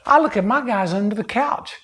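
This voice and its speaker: A man's voice: expressive, fairly quick, fairly bright tone. A middle-aged man speaks as a therapist in an earnest, conversational way. He tells stories from his practice and lifts his voice to act out what others said. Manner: earnest, acts out quoted voices with rising pitch. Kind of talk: conversational storytelling.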